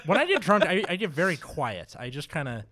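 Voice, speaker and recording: A man's voice: a little high, big pitch swings, a little fast, pushed and bright. A male comedian guesting on a podcast, telling stories in a dry, rambling way. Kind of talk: casual chat.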